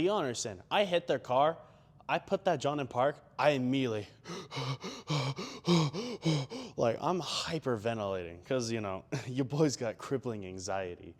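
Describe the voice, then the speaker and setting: A young man chatting casually between gym sets, rambling with lots of fillers and self-deprecating asides. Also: medium pitch. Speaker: gym vlogger.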